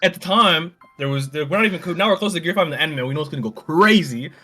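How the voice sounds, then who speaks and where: A man co-hosting a podcast, talking in an excitable, slangy casual way. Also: on the high side, fast talker, soft background music. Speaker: podcast co-host.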